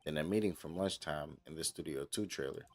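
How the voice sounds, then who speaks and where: A gamer reading as a fast-talking boastful film director. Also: male voice, rumbling low.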